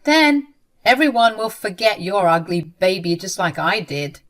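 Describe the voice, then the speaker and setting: A woman's voice: medium pitch, expressive, measured pace, fairly bright tone. A woman voicing a cruel, bitter sister-in-law who talks in a sneering, cutting way. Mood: spiteful.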